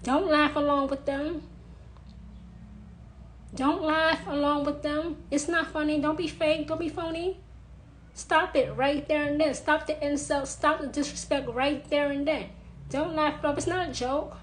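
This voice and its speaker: A woman with a high voice speaks insistently, driving each point home by saying it again and again. Her emphatic monologue comes over a faint hiss of background noise. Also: fairly even intonation, a little slow, rough recording. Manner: insistent, repeating phrases for emphasis. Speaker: witch sharing advice.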